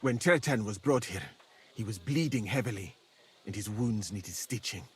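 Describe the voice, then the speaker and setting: Calm foreign healer in a game camp, measured and courteous, low voice with a husky edge. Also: male voice. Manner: measured, courteous, softly spoken. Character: calm foreign camp physician, learned and dignified. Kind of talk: video game dialogue.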